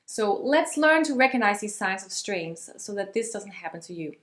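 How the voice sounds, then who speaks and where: A woman's voice: mid-range voice, lively intonation, normal speed. A young woman giving a friendly vocal lesson to camera as a singing teacher. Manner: friendly, demonstrates sung and yelled examples.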